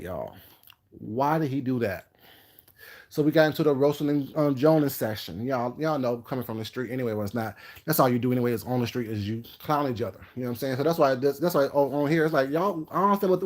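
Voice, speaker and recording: A man's voice: mid-range voice, a little mellow. Male vlogger, casual storytelling, rambling and sassy, brash and confident delivery. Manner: rambling, jumps between topics; brash, sassy and self-assured. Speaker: food vlogger.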